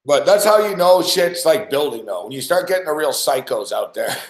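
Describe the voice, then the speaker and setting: A man's voice: fairly high pitch, animated, fairly quick, roomy sound. A man hosting a radio sports show, telling a rambling story in casual chat, swearing often and laughing.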